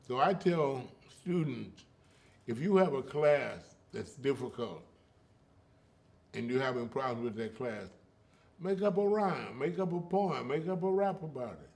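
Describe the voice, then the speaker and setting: A man's voice: mid-range voice, lively intonation, measured pace, vocal fry, darkish tone. Emphatic older man telling stories. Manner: rhythmic, emphatic, peppers talk with "you know" and "okay". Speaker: interviewee, griot. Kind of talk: casual conversational storytelling.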